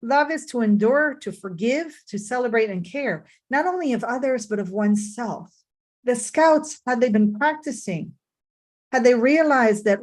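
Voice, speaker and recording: A woman's voice: a little high, animated, moderate pace, a little mellow. A woman teaching Torah and mindfulness in a reflective way, often checking in with her listeners.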